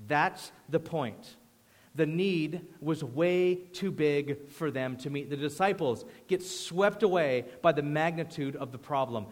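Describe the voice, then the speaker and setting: A man preaches in a lively, conversational way, swinging from punchy storytelling to sudden quiet emphasis. His voice sits a little on the high side. The sound carries the long reverb of a big hall. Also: a little slow. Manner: animated, conversational storytelling with sudden hushed drops. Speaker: pastor. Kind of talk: sermon.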